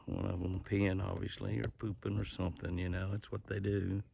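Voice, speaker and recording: A man's voice: sits low, little pitch movement, a little fast, gravelly, warm tone, slight background noise. A man narrating casually outdoors while feeding deer, folksy and coaxing them closer in a sing-song call. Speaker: ranch owner and show host.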